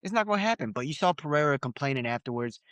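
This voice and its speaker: A man's voice: fairly high pitch, expressive, rapid-fire, fairly bright tone, no echo. A young man co-hosting a casual podcast, talking loosely with slang and frequent laughs. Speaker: podcast co-host. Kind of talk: casual chat.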